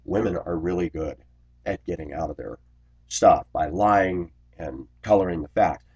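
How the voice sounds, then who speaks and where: A man who drives a school bus, telling a workplace grievance story in an indignant, complaining way, clearing his throat often. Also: sits low, a little slow, darkish tone, muffled recording. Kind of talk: ranting personal storytelling vlog.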